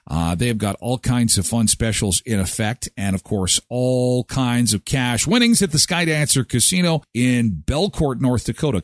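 A man's voice: mid-range voice, dry recording, clean studio sound. A man from Canada hosting a casual live morning show, chatting and reading sponsor spots. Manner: chatty and animated, jumps into quoted voices.

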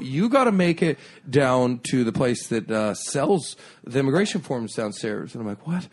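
A male comedian tells a long misadventure as a podcast guest. His voice sits at an ordinary middle pitch, and he swears freely while he keeps acting out what everyone said. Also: moderate pace, few pauses. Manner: animated, profane, acts out other people's lines.

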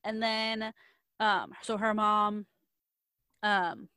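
A woman's voice: mid-range voice, steady tone, extremely slow, bright, forceful tone, clean tone, dry recording. A young woman casually retelling a novel's plot, rambling with lots of likes and ums and slipping into quoted voices.

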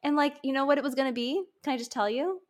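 Fairly high-voiced lady host, rambly and laughy, lots of likes and restarts. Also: fast talker. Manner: chatty, laughs often, many restarts and fillers. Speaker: podcast host. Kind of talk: casual podcast conversation.

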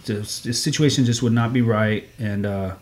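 A man in his thirties, medium-pitched and speaking at a normal pace, hosts a casual family podcast from his home sunroom. He's playful and teases his kids. The recording is very noisy.

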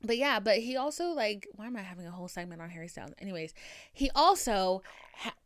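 A woman from the Boston area with a light Boston accent, hosting a podcast in a lively, rambling, profane casual chat. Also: medium pitch, fast, no room sound, clean studio sound. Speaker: podcast host.

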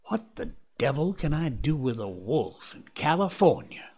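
A man voicing a troubled, short-tempered gentleman who speaks in an emphatic, clipped way, pitched a little above his own voice. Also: big pitch swings, a little slow, husky, full character voice. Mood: exasperated.

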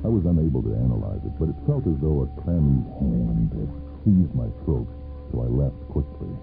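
A man with a very deep, gravelly voice reads a dark first-person tale, measured and brooding. The sound is thin and phone-like, an old 1970s radio recording with faint music underneath. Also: very animated. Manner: measured, brooding delivery with drawn-out pauses. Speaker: narrator. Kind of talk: dramatic first-person story reading for radio.

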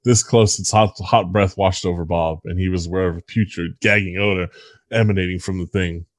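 A man with a low voice reads aloud in a deadpan, mock-serious way, as if narrating a grim tale. His voice is dry and close, with no room sound. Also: brisk, no room sound. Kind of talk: dramatic comic reading.

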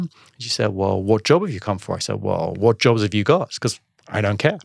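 A man telling a personal business story in a casual interview, acting out the dialogue with animated voices. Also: on the low side, brisk, creaky, no room sound, clean studio sound. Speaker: podcast guest, entrepreneur.

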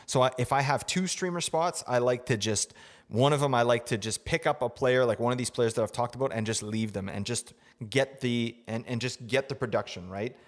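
A man's voice: medium pitch, a little fast, in a large hall. A young man hosting a casual fantasy sports podcast, rambling with lots of fillers and asking "right?" often. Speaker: podcast host. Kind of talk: casual fantasy hockey advice.

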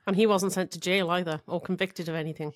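A woman co-hosting a podcast in casual chat, easygoing and quick to laugh. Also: lowish voice, fairly even intonation, no echo, studio quality. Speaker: podcast co-host.

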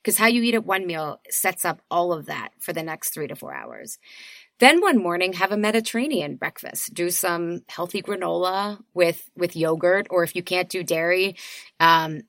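A woman guest on a podcast, talking casually and animatedly, laughing often and jumping up in pitch. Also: sing-song, normal speed, vocal fry, a bit bright, no room sound, clean studio sound. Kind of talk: casual chat.

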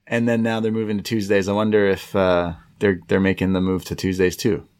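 A man's voice: low voice, little pitch movement, a little fast, darkish tone, clean tone. A man co-hosting a podcast, casually recapping a show and acting out the quoted lines as he retells them. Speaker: podcast co-host.

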